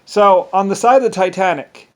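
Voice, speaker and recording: Addressing the camera at a moderate pace, this vlogger rambles loosely in a voice that's slightly high for a man. His sentences keep starting over, and he drifts into quoted asides along the way.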